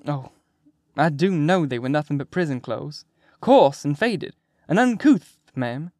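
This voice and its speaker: A cocky male patient who booms out and teases, his voice pitched up and loud, as a man reading an audiobook puts him on. He sings and whines in a mock-pitiful way. The reading is dry and close. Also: expressive, measured pace, no room sound. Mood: mock-innocent. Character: brash rowdy male patient, cocky and teasing.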